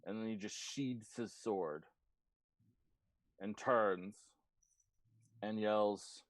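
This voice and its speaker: A man runs a tabletop game with a fairly low voice, narrating in a relaxed, amused way full of little fillers. The sound is dry and close to the mic. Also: extremely slow, no room sound. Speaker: game master.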